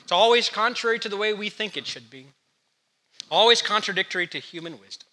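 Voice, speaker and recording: A man preaching a sermon, telling Bible stories in a lively way and putting questions to the congregation. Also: high voice, brisk. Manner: animated storytelling preacher, asks the congregation questions. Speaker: pastor.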